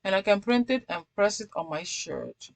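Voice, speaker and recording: A woman hosting a casual craft software tutorial who talks chattily, repeats herself and keeps checking in with the viewer. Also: mid-range voice, expressive, moderate pace, gravelly, no room sound.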